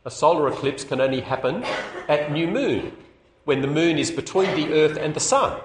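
A man preaching a sermon to a public meeting, expressive, with rhetorical questions and small chuckles. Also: fairly high pitch, moderate pace, slight background noise. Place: meeting hall. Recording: echoey room.

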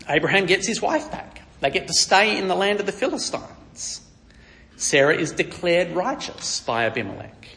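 A man's voice: on the high side, creaky, a bit bright, big-room sound. A man preaching, teaching a Bible story in a conversational way with wry asides.

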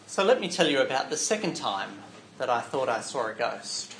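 A man telling a Bible story as a first-person dramatic monologue, going from hushed to loud. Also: medium pitch, sing-song, moderate pace, slight background noise. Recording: echoey room.

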